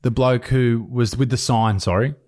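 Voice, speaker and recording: A man's voice: mid-range voice, steady tone, normal speed, darkish tone. A man co-hosting a podcast in loose, casual chat. He swears freely, rambles, and often stops partway through a thought to restart it. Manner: rambling, profane, self-interrupting. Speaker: podcast co-host. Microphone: podcast microphone.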